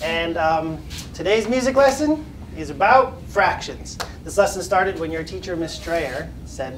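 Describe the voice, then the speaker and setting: A man's voice: sits high, lively intonation, normal speed, distant mic, a little hiss or hum. Upbeat male music teacher in echoey classroom. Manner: upbeat, patient, chants rhythms for children to repeat. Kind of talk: classroom lesson with call and response.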